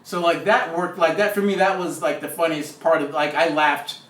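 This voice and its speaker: Brief: male film-review co-host, high voice, rambling and animated, distant echoey room. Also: normal speed. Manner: rambling, animated, acts out lines. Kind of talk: casual chat. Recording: roomy sound from a distant mic.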